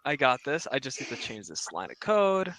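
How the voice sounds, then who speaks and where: A man's voice: mid-range voice, very animated, moderate pace, a bit bright, no room sound, poor audio. A man playing in a tabletop game over a voice call, flustered and defensive, often laughing things off. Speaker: player.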